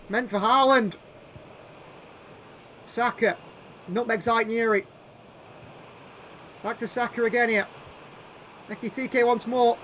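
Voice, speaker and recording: A man giving play-by-play commentary over a football video game, calling names in short bursts and shouting when chances come. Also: sits high, steady tone, takes it slowly, long pauses, slight background noise. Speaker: gaming YouTuber doing live commentary.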